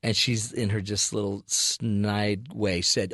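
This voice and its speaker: A man's voice: lowish voice, slow pace, few pauses, dry recording, clean studio sound. Radio host man telling a comic story. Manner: animated, acts out quoted voices. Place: radio studio. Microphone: studio mic.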